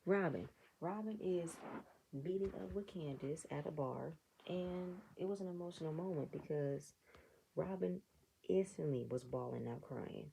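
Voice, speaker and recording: A woman with a low, dark voice reviews a reality show episode in a relaxed, chatty way. A gravelly fry runs through her speech. She often breaks into sarcastic asides and acts out the reactions of the people she is describing. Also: measured pace, slight background noise, rough recording. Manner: animated, sarcastic commentary with mock quoted reactions. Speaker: reality TV recap vlogger.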